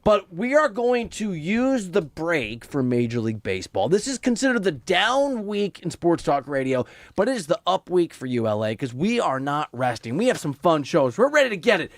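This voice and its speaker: A man hosting sports talk radio in a studio, his voice pitched high and swinging all over the place as he gets worked up. The sound is dry and close, with no room around it. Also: normal speed, few pauses, no echo. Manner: excitable, bursts of high-pitched exclamation. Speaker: radio show co-host. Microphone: studio microphone.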